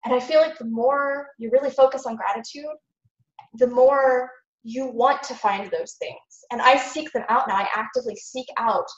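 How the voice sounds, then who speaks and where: A woman's voice: fairly high pitch, normal speed, echoey room, lo-fi sound. Earnest woman with a slightly sick voice. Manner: earnest and animated, acts out her own thoughts. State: a little sick. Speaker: podcast guest. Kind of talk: casual interview talk.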